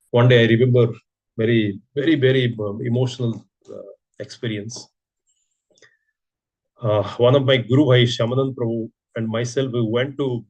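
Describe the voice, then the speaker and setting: A man's voice: mid-range voice, darkish tone. A man giving a sermon, telling a story and asking rhetorical questions. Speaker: preacher giving a scripture class.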